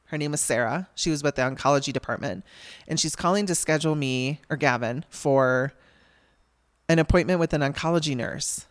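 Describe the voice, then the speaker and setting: A woman's voice: sits low, brisk, no room sound. Middle-aged woman talking straight into a dry close mic, blunt and wry, laughs it off. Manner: frank, wry, laughs through hard moments, swears. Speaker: podcast host. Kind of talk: candid personal storytelling.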